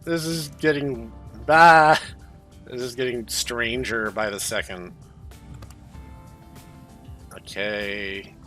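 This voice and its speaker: Wry, bright-voiced man playing a game. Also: medium pitch, slow pace, pauses often, faint music behind. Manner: wry, deadpan asides. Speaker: let's play host. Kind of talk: casual gameplay commentary.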